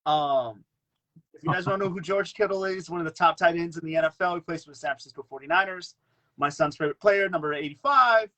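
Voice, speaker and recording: A man guesting on a casual podcast, his voice a little high. He tells stories with animation, acting out quotes and repeating himself as he goes. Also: quick pace, pushed and bright, low-quality recording. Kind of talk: casual chat.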